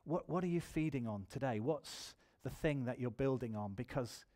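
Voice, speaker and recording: A man's voice: mid-range voice, animated, moderate pace, warm tone. A man preaching a sermon in church, telling his own testimony and building to emphatic appeals.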